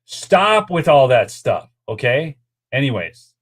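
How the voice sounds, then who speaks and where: A man's voice: medium pitch, big pitch swings, takes it slowly, slightly rough. A man hosting a political commentary show, talking straight to his viewers in a worked-up, exasperated way between clips. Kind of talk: ranting commentary over clips.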